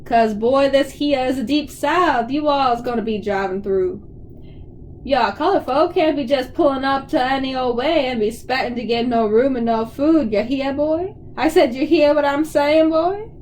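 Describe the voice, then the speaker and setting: A woman's voice: moderate pace, a little mellow, a little hiss or hum, natural voice. A woman voicing a father who jokingly puts on an exaggerated Southern hillbilly drawl. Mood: teasing. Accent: mock Southern US drawl. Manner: teasing, drawling, rising pitch.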